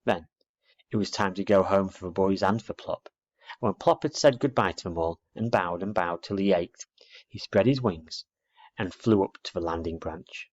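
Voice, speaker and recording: A man reading a children's storybook aloud, steady and expressive. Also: sits low, normal speed. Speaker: reader. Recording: dull lo-fi recording.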